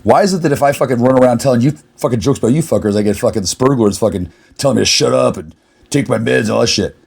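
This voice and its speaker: A man's voice: mid-range voice, fast talker, creaky, darkish tone, slightly rough. A man delivering a furious, confrontational rant to the camera, swearing constantly. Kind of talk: angry profane rant.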